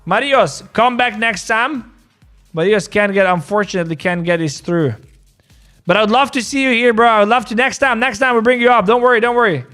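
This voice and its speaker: A man runs a casual live trading stream, his voice sitting high. He talks in excited bursts and repeats his points again and again. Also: brisk, soft background music. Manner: excitable, repeats himself, calls people bro. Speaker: crypto live-stream host.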